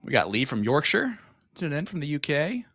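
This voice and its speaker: A man commentating a live darts match, calling the play and reading viewer shout-outs in a friendly way. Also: fairly high pitch, very animated, moderate pace, no room sound, clean studio sound.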